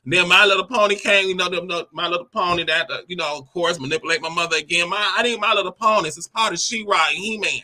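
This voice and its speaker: A woman in her forties, hosting her own show, tells a personal story in a sassy, animated way. She laughs often, acts out the quoted lines and calls the listener "honey" and "baby". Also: on the low side. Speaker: host. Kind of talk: candid personal storytelling monologue.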